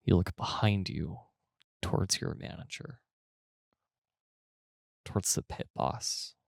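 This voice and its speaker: A man's voice: low voice, slow, creaky, no room sound, studio quality. A man narrating a tabletop game as game master, describing the scene vividly in the second person.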